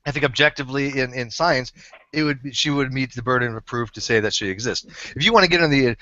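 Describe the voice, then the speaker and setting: A man argues in a loose online group chat, talking fast and rambling, stopping to fix his words mid-sentence. His voice is bright and edgy, and it reaches us through dull lo-fi call audio with a dry, close sound. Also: medium pitch, no room sound. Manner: rambling, self-correcting, chewing while talking. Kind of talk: casual group debate on a video call.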